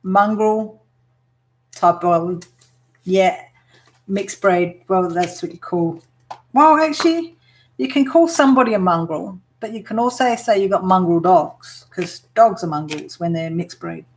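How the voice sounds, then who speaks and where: Australian woman hosting a relaxed live craft stream, easygoing and unhurried, quick to laugh. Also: fairly low pitch, slight background noise. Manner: laughs often, explains slang to viewers. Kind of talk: casual live chat while working.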